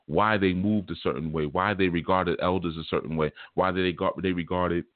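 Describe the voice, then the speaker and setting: Low-voiced man talking over a thin line. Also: moderate pace, no room sound. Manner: relaxed storytelling, repeats "man", acts out quotes. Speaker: spiritual teacher and show host. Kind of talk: casual monologue. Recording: dry phone-like sound.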